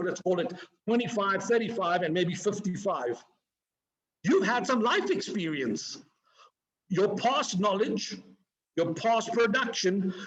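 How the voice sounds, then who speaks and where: A man giving an energetic, preachy motivational talk to a live online audience, swinging his pitch and pace for emphasis. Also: muffled recording. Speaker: motivational speaker. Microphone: video call.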